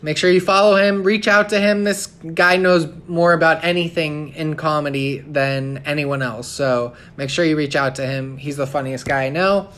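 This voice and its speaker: A young man hosting a podcast in casual chat, easygoing and trailing off into soft mumbles. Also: a little high, fairly even intonation, moderate pace, hardly any pauses. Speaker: podcast host.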